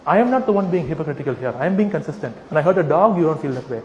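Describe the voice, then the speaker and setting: A man giving a humorous, persuasive talk to a live audience, animated and teasing, asking rhetorical questions. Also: sits high, fast, hardly any pauses, slight background noise. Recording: echoey hall with long reverb.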